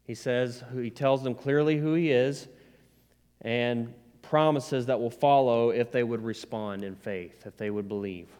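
Man preaching, pastor, folksy and conversational, smooth resonant voice, long hall reverb. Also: medium pitch, fairly even intonation, measured pace, a little mellow. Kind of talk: sermon.

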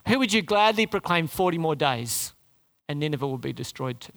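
A man preaching a sermon to his congregation, animated, his voice climbing high for emphasis and dropping low and soft for prayer. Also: a little fast. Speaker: pastor.

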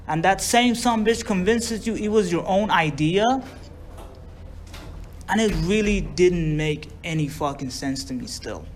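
A man's voice: high-pitched, animated, a little slow, a little hiss or hum. Profane man telling his story. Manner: profane, drawling, acts out quoted voices. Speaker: speaker sharing recovery story. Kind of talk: storytelling to a group.

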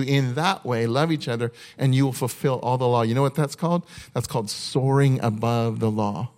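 Male pastor preaching, earnest and chatty, lots of restarts, mid pitch. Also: darkish tone. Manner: earnest and conversational, with repeated restarts; slows down to read a list one item at a time. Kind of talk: sermon.

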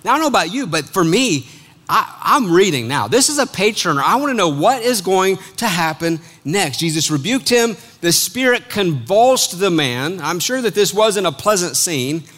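A man preaching a sermon, reading scripture aloud and explaining it in an animated, conversational way, joking with his congregation. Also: sits high, moderate pace.

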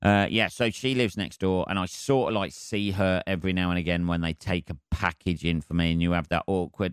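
A low-pitched man with a smooth, clean voice hosts his comedy podcast. He rambles wryly, swearing constantly. The sound is dry and close. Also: fairly even intonation, fairly quick, hardly any pauses, dry recording.

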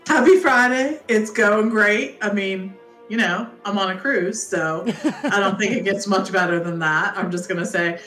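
A woman's voice: medium pitch, unhurried, fairly bright tone, soft background music. Cheerful woman co-host in a roomy space. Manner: cheerful, enthusiastic. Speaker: podcast co-host, travel company co-owner. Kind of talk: casual podcast chat.

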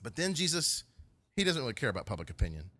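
Male pastor, animated sermon, lively pitch swings, playful voices for quotes. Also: fast.

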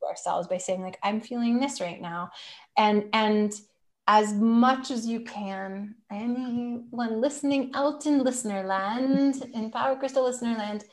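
A woman talking as a podcast guest in casual conversation, reflective and gentle, with many fillers like "like" and "right?". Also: a little high, a little slow.

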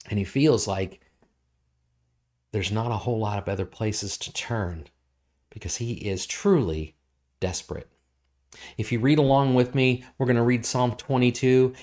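A man preaching in a mid-pitched, earnest voice. He repeats words for weight, and when he reads scripture aloud it builds in intensity. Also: darkish tone. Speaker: pastor. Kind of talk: sermon.

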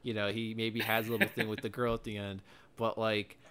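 A young man chats casually on a podcast, reviewing a movie with firm opinions. His voice is bright and forward. He leans on fillers as he talks. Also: fairly low pitch, little pitch movement, fairly quick, clear, resonant tone. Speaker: podcast co-host.

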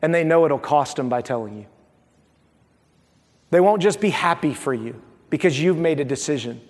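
A pastor preaching a sermon in a conversational, animated way, acting out little everyday scenes. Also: male voice, fairly high pitch, moderate pace, big-room sound.

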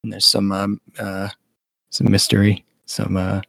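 A relaxed man with a somewhat low voice talks through shows in loose, casual chat. He drifts between thoughts with plenty of ums and the odd curse. The sound is dry and close, with no room around it. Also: measured pace, creaky, no echo. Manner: laid-back, swears casually, trails off with fillers. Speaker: podcast co-host. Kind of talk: casual anime discussion.

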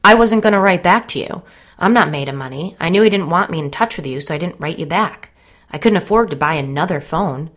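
A woman's voice: fairly low pitch, expressive, a little fast, a bit bright. A woman reading an audiobook, voicing a troubled, volatile young man who speaks anxiously and earnestly. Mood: agitated.

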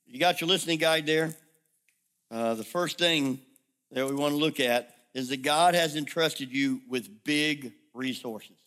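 A middle-aged man preaching a sermon as pastor, telling animated stories with humor and asides to his congregation. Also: fairly high pitch, measured pace.

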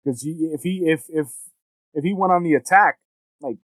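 A man's voice: fairly high pitch, moderate pace, no echo, low-quality recording. Blunt, opinionated man in a dry room. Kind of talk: casual chat.

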